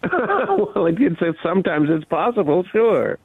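A husky-voiced man joins a radio show over a tinny phone line. He chats casually, slightly higher than most men, and laughs easily between remarks. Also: big pitch swings, a little slow, no room sound. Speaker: guest caller. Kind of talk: casual chat on air.

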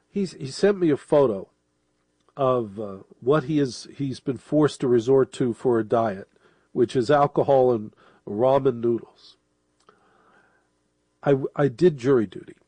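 A man's voice: medium pitch, warm tone, slightly rough, no room sound. A middle-aged man hosting a late-night radio show, talking to listeners in a rambling, casual monologue while sniffling with a cold. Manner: rambling, conversational, with restarts and asides.

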